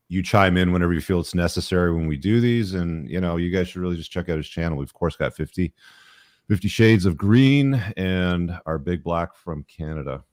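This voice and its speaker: A man hosting a casual panel show, talking in a relaxed, rambling way with many fillers. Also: very deep voice, creaky, dry recording, clean studio sound. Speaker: show host.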